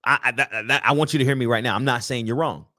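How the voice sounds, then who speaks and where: A man hosting a casual sports talk livestream, speaking in a frustrated, emphatic and animated way. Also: medium pitch, fast talker, no room sound, clean studio sound. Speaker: sports talk show host.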